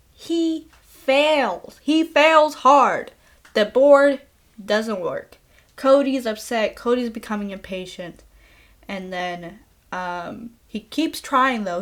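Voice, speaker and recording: A woman's voice: a little high, a bit bright. A woman host casually recapping a film in a chatty, playful way, with bursts of mock outrage. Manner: chatty, playful, breaks into laughs. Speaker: podcast host.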